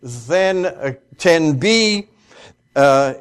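A man lectures a class on scripture in a fairly high voice, unhurried and deliberate. He stumbles through fillers and restarts, then leans hard on each quoted verse as he reads it out slowly. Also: animated. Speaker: Bible lecturer.

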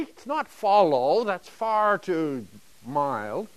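A man's voice: fairly high pitch, normal speed, dry recording. A man teaching a Bible lesson to a class, emphatic and dramatic, driving home points with rhetorical questions.

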